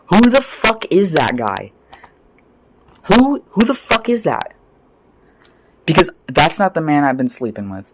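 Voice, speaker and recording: A man ranting off the cuff as a vlogger, angry and sweary, rambling between loud outbursts and low mutters. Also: noisy background. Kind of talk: profane off-the-cuff rant.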